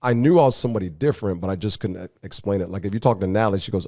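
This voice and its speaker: Low, mellow-voiced man. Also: very fast, no room sound, studio quality. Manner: earnest, reflective storytelling. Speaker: podcast guest. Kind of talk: casual conversational interview.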